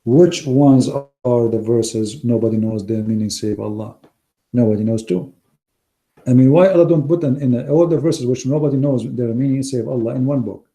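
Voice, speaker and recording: Hoarse, emphatic man with a dark voice. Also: medium pitch, moderate pace. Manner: emphatic, scornful, non-native grammar. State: hoarse, losing his voice. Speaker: online Christian debater. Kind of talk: polemical talk to a live audience.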